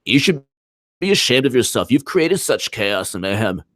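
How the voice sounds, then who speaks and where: A man doing a mocking impression of a slow, drawling, laid-back surfer-dude politician. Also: mid-range voice, big pitch swings, a bit bright, no echo, clean studio sound. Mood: whiny. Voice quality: drawling, whiny.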